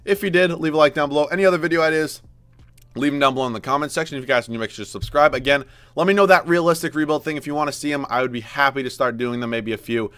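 A man commentating his own basketball video game as he plays, swearing, groaning and yelling at bad plays. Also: a little high, very fast, dry recording. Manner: frustrated, loud outbursts at the game. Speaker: gaming YouTuber. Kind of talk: live gameplay commentary.

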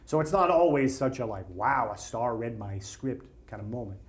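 A man, a screenwriter guest on a talk show, telling animated anecdotes with quotes acted out in a casual chat. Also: medium pitch, normal speed. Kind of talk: casual storytelling.

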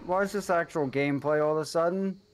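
A man's voice: fairly high pitch, fast talker, clean tone, dry recording. A man co-playing a video game on stream, chatting casually and amused. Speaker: co-player. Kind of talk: casual gameplay chat.

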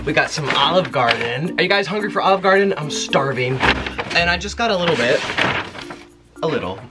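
A man hosting a food-eating vlog, chatting excitedly with viewers as he unboxes gifts and shows his food. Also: fairly high pitch, fairly quick, loud music behind the voice. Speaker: mukbang host. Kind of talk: casual vlog chat while unboxing and eating. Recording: noticeable background noise.

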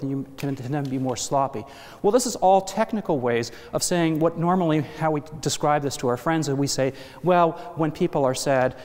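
A man giving an academic lecture to an audience, explaining step by step with asides and self-corrections. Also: a little high. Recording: hall reverb.

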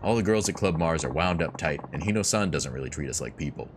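A man voicing a subdued young female hostess in a soft, flat, quiet tone while reading game dialogue. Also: extremely low pitch, fast, background noise. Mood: weary.

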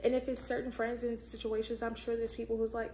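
A woman's voice: a little high, completely flat delivery, quick pace, dark tone. A woman hosting her own vlog, reflecting on faith in a casual, emphatic way and breaking into exclamations of praise. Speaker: vlogger, show host. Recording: echoey room with faint ambient noise.

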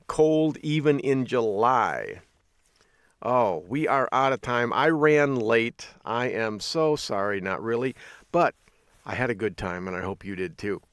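A man's voice: lowish voice, fairly bright tone, dry recording, studio quality. A middle-aged American man hosting a show, telling folksy stories in a casual monologue and acting out the people he quotes. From United States. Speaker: podcast host.

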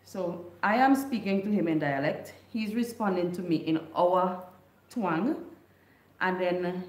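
A woman's voice: on the low side, measured pace, darkish tone, reverberant. A woman from a Caribbean island, hosting a casual livestream chat, greeting viewers by name and laughing often. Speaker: livestream host.

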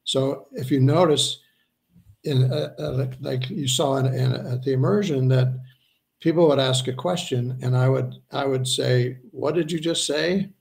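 Male healer guest, gravelly mid-pitched voice, earnest and unhurried. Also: fairly even intonation, a little mellow. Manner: earnest, slows down to stress points, acts out quoted voices. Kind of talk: conversational interview answers.

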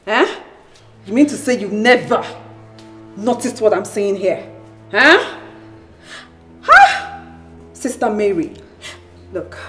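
A sarcastic, jealous wife with a lively voice that swoops up and down. She draws her words out slowly and mockingly. Quiet music runs under her in this film scene. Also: medium pitch. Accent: Nigerian. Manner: sarcastic, taunting, theatrical. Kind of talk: Nollywood film acting.

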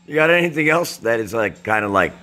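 A man's voice: mid-range voice, expressive, fast, music in the background. A middle-aged man, a father and host, chatting with his own father in a joking, teasing way. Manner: joking, teasing, mock-offended. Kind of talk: casual chat.

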